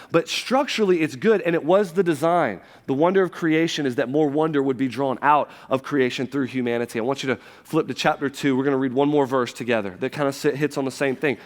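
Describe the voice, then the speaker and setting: A man in his thirties preaching a sermon to his church, conversational, with quick asides and frequent restarts. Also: on the high side. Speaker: pastor. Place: church sanctuary. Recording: long hall reverb from a church.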